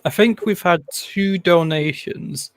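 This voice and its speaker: A man's voice: sits high, takes it slowly, dry recording. Dry-humored man on a video call. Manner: dry, self-deprecating humor. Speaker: guest on a live stream. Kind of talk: casual chat.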